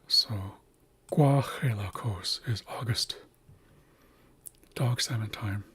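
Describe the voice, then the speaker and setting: Slow, very husky man teaching. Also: lowish voice, fairly bright tone. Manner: slow, careful, repeats words for pronunciation. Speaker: language teacher. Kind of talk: livestream language lesson.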